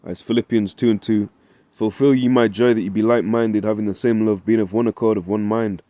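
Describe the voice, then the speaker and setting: Fairly low and dark, the man's voice moves fairly quickly with fairly even intonation, captured dry. As a Bible teacher at an informal study, he chats, asks "right?" often, and reads scripture in old-fashioned language.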